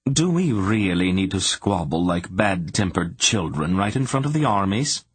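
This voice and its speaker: Brief: narrator as serene sorceress, measured delivery, dry husky voice. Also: male voice, sits low, no room sound, full character voice. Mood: calm. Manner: calm, measured. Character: calm, wise sorceress woman.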